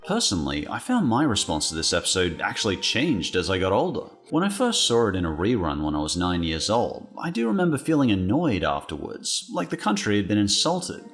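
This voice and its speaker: A man's voice: on the low side, huge pitch swings, fairly quick, few pauses, faint music behind. An Australian man narrating a scripted video with wry, playful asides. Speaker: guest commentator.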